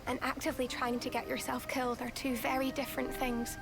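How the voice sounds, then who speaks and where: A woman's voice: sits high, flat delivery, fast talker, vocal fry, music in the background. An earnest young soldier woman. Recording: game cutscene with loud score.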